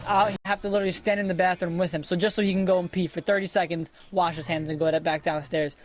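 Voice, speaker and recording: Give me a high-pitched man chatting with friends while gaming, telling a story in an animated, defensive way. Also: fast talker. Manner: animated storyteller, swears freely, gets defensive. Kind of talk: casual voice chat.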